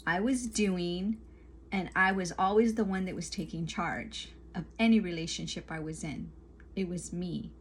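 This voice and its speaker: A woman's voice: medium pitch, a little hiss or hum. Earnest woman giving spiritual advice. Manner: earnest, repetitive, emphatic lists. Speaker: spiritual coach. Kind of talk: casual talking-to-camera advice.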